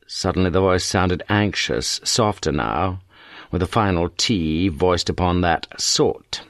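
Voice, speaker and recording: A man narrating a detective novel audiobook with a measured, expressive reading. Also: deep voice, no echo, studio quality. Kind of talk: scripted narration.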